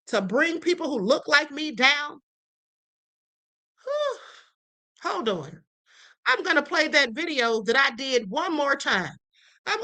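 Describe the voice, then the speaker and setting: A woman hosts a live stream with a high, bright voice. She talks straight to her viewers, emphatic and indignant. She keeps checking in with them with a quick "okay?". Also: rough recording. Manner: emphatic, repeats "okay?" to the audience; indignant, addresses viewers directly.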